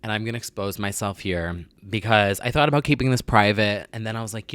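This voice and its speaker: Rambling, low-voiced young man. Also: animated, normal speed, hardly any pauses, fairly bright tone, clear, resonant tone, dry recording. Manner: rambling, self-deprecating, heavy use of "like"; confessional and candid. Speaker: vlogger host. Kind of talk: casual chat to camera.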